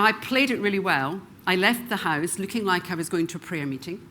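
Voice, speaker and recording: A middle-aged woman from Glasgow with a Scottish accent, speaking as a keynote speaker and slowing down with dramatic pauses for emphasis. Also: lowish voice, sharp tone, a little hiss or hum. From Scotland. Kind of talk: motivational stage talk. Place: conference room before a live audience.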